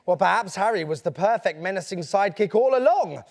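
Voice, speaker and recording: Upbeat male children's author hosting for kids, high voice with a wide, animated range. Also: a little fast, creaky. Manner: playful, upbeat, chatty. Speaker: children's author hosting a live online event. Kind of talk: lively presenting to children and answering questions.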